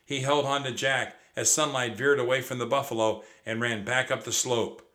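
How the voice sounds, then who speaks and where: A man's voice: medium pitch, steady tone, moderate pace, a bit bright. A man reading a children's storybook aloud expressively, with occasional stumbles over words. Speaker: narrator.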